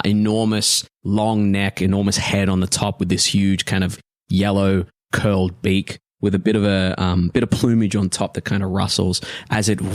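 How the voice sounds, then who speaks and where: A man's voice: sits low, no room sound, studio quality. A man narrating as game master of a tabletop game, casual and joking, often restarting his sentences.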